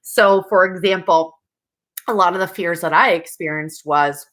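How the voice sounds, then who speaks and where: A young woman talks straight to her listeners in a casual advice chat, frank and chatty, with easy laughs breaking in. Her voice sits a little low for a woman, relaxed and conversational. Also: moderate pace. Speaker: host.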